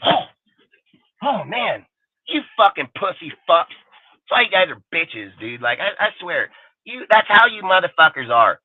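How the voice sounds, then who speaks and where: Man host ranting on a livestream, aggressive and profane; high-pitched, dry, tinny. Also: big pitch swings, unhurried, slightly rough, no room sound. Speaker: channel host. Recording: tinny phone-like livestream audio.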